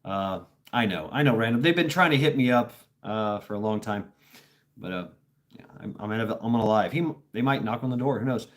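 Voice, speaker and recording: A man's voice: fairly low pitch, lively intonation, normal speed. A man from Tennessee hosting a casual livestream, telling stories in a rambling, blunt way with plenty of swearing and filler words. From Tennessee, USA. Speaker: livestream host.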